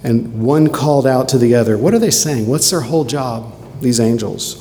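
A man's voice: mid-range voice, moderate pace, hardly any pauses, warm tone. A man preaching a sermon, fervent and emphatic, driving points home with dramatic repetition. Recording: long hall reverb, faint noise.

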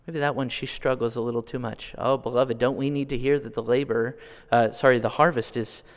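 A man from California preaching a sermon, asking the congregation questions and swinging between quiet asides and loud, drawn-out appeals. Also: medium pitch, steady tone. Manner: asks the congregation direct questions. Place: church sanctuary. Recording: long hall reverb.

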